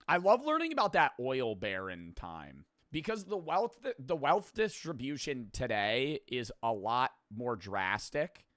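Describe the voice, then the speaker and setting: A man's voice: medium pitch, wildly swooping pitch, a little slow, hardly any pauses, a bit bright, no echo, studio quality. A man hosting a video reaction, rambling casually, swearing freely and laughing at himself. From United States.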